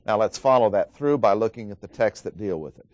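A man's voice: on the low side, fairly quick, darkish tone, dry recording, muffled recording. A man teaching a Bible study lecture, methodically stressing key words as he reads scripture aloud, with frequent "uh" fillers between thoughts.

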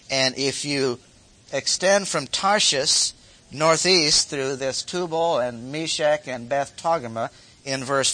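A man with a mid-range voice that sounds pushed and bright gives an expository Bible lecture. He reads verses aloud, then pauses to explain them, adding short asides and repeating key phrases.

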